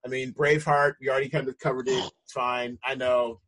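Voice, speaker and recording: A man in casual conversation, talking in a relaxed way with frequent restarts. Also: medium pitch, brisk. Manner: relaxed, many fillers and restarts. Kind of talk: casual chat.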